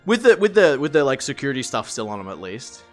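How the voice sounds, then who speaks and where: A man chatting casually with his stream, telling stories in a lively, swear-heavy way. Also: medium pitch, fast, faint music behind. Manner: animated storyteller, swears freely. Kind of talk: casual live-stream chat.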